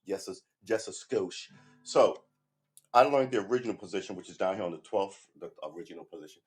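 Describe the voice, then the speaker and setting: Rambling, cussing middle-aged guitar vlogger. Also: male voice, sits low, a little fast, darkish tone. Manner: rambling, self-deprecating, profane pep talk. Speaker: guitar vlogger livestreaming practice. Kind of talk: casual livestream chat. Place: at home on a sofa. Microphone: desk microphone close by.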